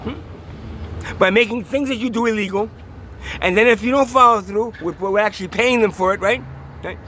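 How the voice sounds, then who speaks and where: Guy venting into his camera, high sharp voice, cursing and firing off questions, faint traffic outside. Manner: angry, profane ranting with repeated rhetorical questions; halting with many restarts when calm. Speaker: vlogger. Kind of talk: personal video diary and rant.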